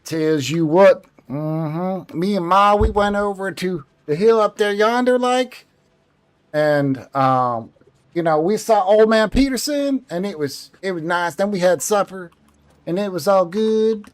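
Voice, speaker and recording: A homespun country man from the South drawls out his words in a high, twangy voice, as a man puts him on. The exaggerated Southern US accent stretches every word, and the voice sits well above a normal speaking pitch. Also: animated, measured pace. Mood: folksy. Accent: put-on Southern US.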